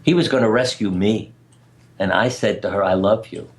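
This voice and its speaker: Speaking at a normal speed in a voice on the low side, this older male radio guest shares earnest anecdotes during a conversational storytelling interview, laughing softly at his own stories.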